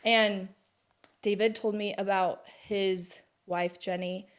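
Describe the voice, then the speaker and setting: A woman in her thirties chatting as a podcast guest. Her pitch sits in an ordinary middle range. She talks in a loose, chatty storytelling way and laughs easily. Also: steady tone, takes it slowly, clean tone. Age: 30s. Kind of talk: casual conversation.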